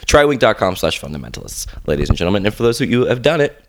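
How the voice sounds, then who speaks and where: Deep voiced guy with a cold hosting a podcast, jokey and animated. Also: racing, a little hiss or hum. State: under the weather, coughing. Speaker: podcast host. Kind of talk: casual podcast chat.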